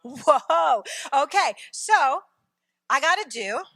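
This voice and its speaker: A middle-aged woman preaching a sermon, telling a lively personal story and shouting at its dramatic moments. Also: high-pitched, moderate pace, dry recording.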